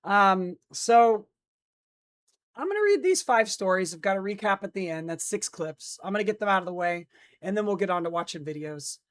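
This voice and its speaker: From an indoor streaming setup in Los Angeles, a drowsy host who seems freshly awake mixes casual viewer chat with news read-outs, restarting sentences whenever they stumble. Their delivery is expressive and moderately paced, at an average pitch, through a noise-cancelled mic.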